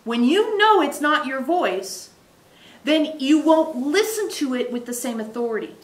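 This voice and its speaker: A woman channeler speaking as "we" for a spirit group, giving an emphatic, animated teaching to a small live audience. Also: high voice, measured pace. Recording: echoey room.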